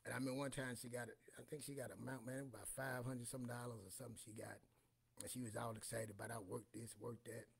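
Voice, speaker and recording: Husky-voiced man telling life stories. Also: medium pitch, fairly even intonation, quick pace. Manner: rambling, repeats "you know what I'm saying". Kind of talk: casual storytelling monologue.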